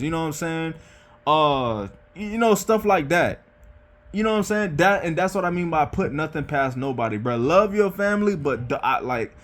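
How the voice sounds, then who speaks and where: A young man giving life advice in a casual monologue, earnest and rambling, repeating himself and tagging lines with "bro" and "you know what I'm saying". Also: medium pitch. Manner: earnest, gets worked up.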